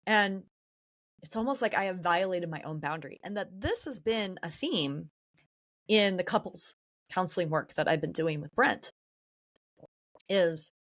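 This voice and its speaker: A woman's voice: on the low side, lively intonation, a little slow, long pauses, a bit bright. A woman from San Diego hosting a podcast, talking through her feelings in a candid, introspective personal monologue. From San Diego, California. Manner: candid, introspective, emotionally open. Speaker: podcast host.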